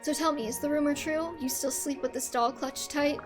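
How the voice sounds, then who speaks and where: A woman reading the lines of a calm, polite male ninja in a game scene. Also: sits high, brisk, over music, lightly acted.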